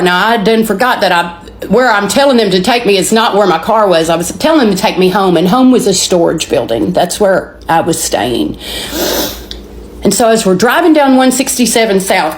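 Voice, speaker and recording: A woman's voice: mid-range voice, slight background noise. A woman with a Southern American accent telling an emotional personal testimony, stumbling and restarting words as she goes. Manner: storytelling, repeats and restarts words, dramatic pauses. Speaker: speaker sharing a testimony. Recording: roomy echoey recording.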